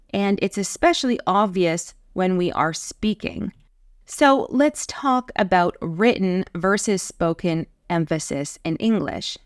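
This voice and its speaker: A woman's voice: on the low side, no echo, clean studio sound. A woman teaching an English grammar lesson, speaking carefully and stressing the words in her examples.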